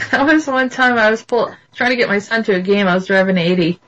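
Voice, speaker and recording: Easygoing podcast host, mid-pitched, casual and quick to laugh. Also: fairly bright tone, highs cut off.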